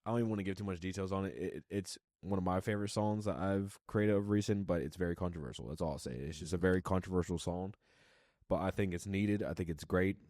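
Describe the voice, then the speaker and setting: A man's voice: low voice, quick pace, a little mellow, dry recording, studio quality. A man co-hosting a podcast, chatting casually and reflectively, often repeating his points. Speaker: podcast co-host. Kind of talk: casual chat.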